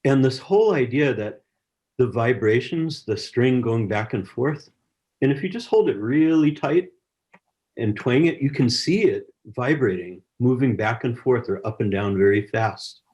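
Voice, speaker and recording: A man's voice: medium pitch, animated, unhurried, a little mellow. Encouraging male science teacher on a video call. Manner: encouraging, chatty, reads chat messages aloud. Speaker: science educator leading an online workshop.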